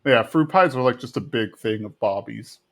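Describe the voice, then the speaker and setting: A man from Texas casually recapping a cartoon episode on a podcast, slipping into quick voices for the characters. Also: mid-range voice, vocal fry. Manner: retells plot with quick put-on character voices. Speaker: podcast co-host.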